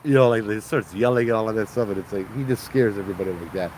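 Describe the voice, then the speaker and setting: A man, a ghost tour guide telling a story in an animated, casual way, acting out the people in it. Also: on the low side, quick pace, breathy edge, rough recording. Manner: animated, acts out quoted voices.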